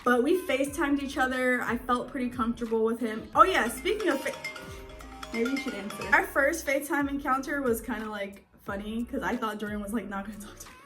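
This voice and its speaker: A high, light-voiced young woman in her twenties chats casually at home, giggling as she tells a relationship story. Her talk is loose and filled with "like" and "you know", and faint music sits under her voice. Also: a little fast, a bit bright. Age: 20s. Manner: chatty, giggly, many likes and you knows. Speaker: co-host telling a couple's story. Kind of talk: casual chat. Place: indoors at home in front of a screen.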